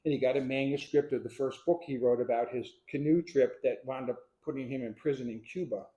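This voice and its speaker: A man in his sixties from Pennsylvania telling his life story to a live audience, acting out what people said as a lively storyteller. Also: mid-range voice, fairly quick, muffled recording. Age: 60s. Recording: echoey room.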